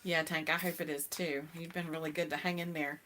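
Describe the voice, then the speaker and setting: A woman's voice: sits low, flat delivery, a little fast, a little hiss or hum. A middle-aged woman hosting a casual live-stream chat, talking with viewers and laughing often. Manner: chatty, laughs often, greets viewers brightly. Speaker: host.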